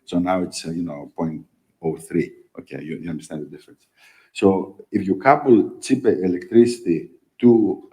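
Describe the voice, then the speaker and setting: A man, a company executive answering in a panel interview, talking haltingly with many fillers and emphatic "okay?" tags. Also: low-pitched, mellow, low-quality recording. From Greece.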